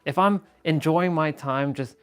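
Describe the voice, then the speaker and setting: A man's voice: on the high side, unhurried, clean tone, soft background music. A young man hosting a casual livestream, rambling in an exasperated way with frequent laughs and offhand swearing. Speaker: livestream host.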